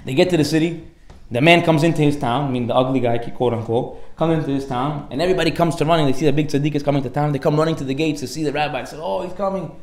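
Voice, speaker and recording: Rabbi guy preaching fast, acts out the stories, roomy echo. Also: a little high. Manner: animated storytelling, acts out dialogue. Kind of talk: sermon.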